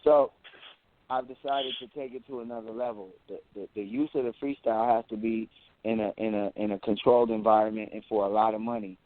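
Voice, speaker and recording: A man's voice: fairly low pitch, a little fast, no echo. Boastful man over tinny phone-like sound. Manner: boastful, animated storytelling, repeats words. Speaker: interview guest, rapper. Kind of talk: casual interview talk.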